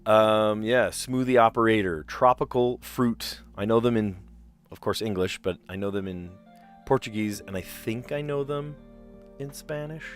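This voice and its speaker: A man's voice: on the low side, measured pace, soft background music. A man chatting casually on a puzzle live stream, rambling and explaining where words come from. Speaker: streamer playing word puzzles.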